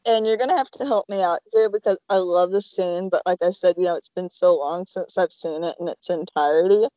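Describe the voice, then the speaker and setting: A chatty woman rambling through a casual podcast conversation about films. Her voice sits at an ordinary middle pitch. It is recorded close and dry, with no room sound. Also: a little fast, mellow, no room sound, lo-fi sound. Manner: chatty, rambling, full of "like" and "you know". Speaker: podcast co-host. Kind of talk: casual film-discussion podcast chat.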